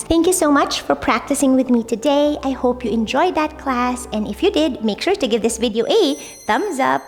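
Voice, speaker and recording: A young woman leads a yoga class in a casual, upbeat way, tossing in "like" and "right?" as she cues each pose. Her voice sits a little high. A long reverb trails behind her, with faint music underneath. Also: a little mellow. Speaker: yoga instructor. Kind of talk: guided yoga class instruction.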